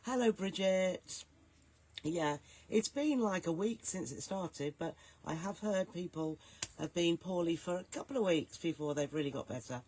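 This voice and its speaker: A woman hosting a live stream, hoarse and gruff from a cold, chatting and greeting viewers by name. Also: on the low side, animated, moderate pace, a little hiss or hum. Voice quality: soft, growly, gruff. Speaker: host.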